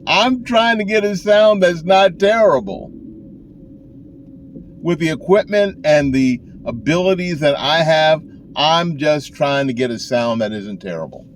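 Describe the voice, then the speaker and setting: A man's voice: fairly high pitch, lively intonation, a little slow. Older guy, sax teacher, chatting from his car, rambly and folksy, lots of restarts, road noise humming behind. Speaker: saxophone teacher. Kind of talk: casual talking-to-camera advice.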